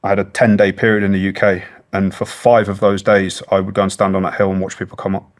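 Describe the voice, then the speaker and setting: Earnest, low-voiced British man. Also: level tone, quick pace. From Britain. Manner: earnest and plain-spoken, swears freely. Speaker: guest, former special forces soldier. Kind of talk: long-form interview storytelling.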